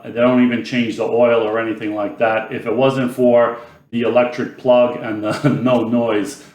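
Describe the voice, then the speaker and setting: A man's voice: medium pitch, a little mellow, roomy sound. A man explaining stock and car prices in a casual commentary style, chuckling often and asking rhetorical questions. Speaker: finance commentator.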